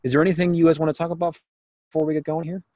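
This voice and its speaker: Halting man interviewing over a dry mic. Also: on the high side, flat delivery, mellow, no room sound. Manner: hesitant, halting phrasing. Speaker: podcast interviewer. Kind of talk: casual interview.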